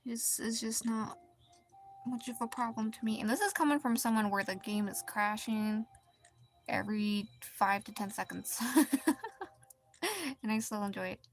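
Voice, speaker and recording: A woman streaming as an artist, chatting casually while she draws, in a halting, rambling and quietly deflated way. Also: mid-range voice, fairly even intonation, soft background music. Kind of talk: casual chat while drawing.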